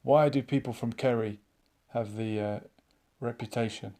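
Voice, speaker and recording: A man hosting a live online chat show, musing out loud and reading viewers' comments aloud in a casual, thinking-aloud way. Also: medium pitch, steady tone, normal speed. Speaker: livestream chat host.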